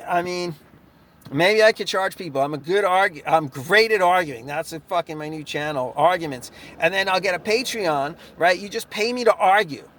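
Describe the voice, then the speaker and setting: A man's voice: high-pitched, moderate pace, fairly bright tone. Sarcastic, swearing young man ranting. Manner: profane, sarcastic, laughs between lines. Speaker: chiropractor. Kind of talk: ranting vlog monologue.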